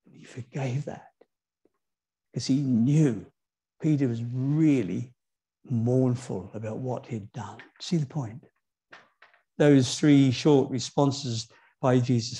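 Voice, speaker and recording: Expressive preacher with a mellow, husky voice. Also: male voice. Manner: expressive, rising high on emphasis, rhetorical questions to the congregation. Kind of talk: sermon. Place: church.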